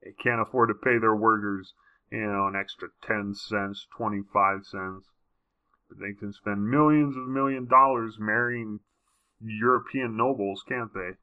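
A man's voice: on the low side, steady tone, unhurried, clean tone, phone-quality sound. A man reading a history book aloud, breaking off for wry, casual comments. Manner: wry asides between passages.

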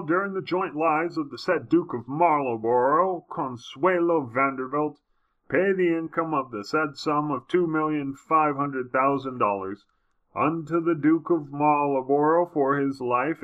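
A pompous aristocrat reads out a legal deed in a slow, stately cadence, as a man puts on the voice. The tone is bright and lifted above his usual pitch. The recording sounds a little dull and lo-fi. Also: natural voice. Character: pompous noble reading a marriage deed.

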